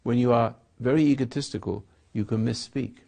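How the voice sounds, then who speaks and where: A man's voice: medium pitch, fairly quick, gravelly, mellow. A man speaking as a spiritual teacher in a sermon dialogue, rambling and acting out quoted voices.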